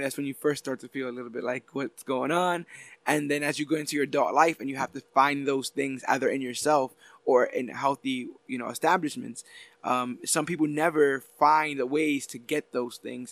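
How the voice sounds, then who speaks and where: A man's voice: medium pitch, a bit bright, no room sound. A man co-hosting a casual podcast, talking earnestly and explaining at length, often restarting his sentences. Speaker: podcast co-host.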